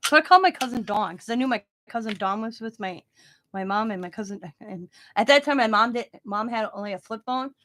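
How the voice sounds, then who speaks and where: A middle-aged woman casually telling a story as host of her own channel, animated and informal, often laughing at her own tale. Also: on the high side, fairly quick, slight background noise.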